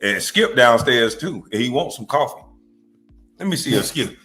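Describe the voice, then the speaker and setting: A man's voice: mid-range voice, very animated, moderate pace, fairly bright tone, faint music behind. A man in his forties hosting a comedic reaction stream, brash and profane, trash-talking and laughing often. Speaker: livestream host.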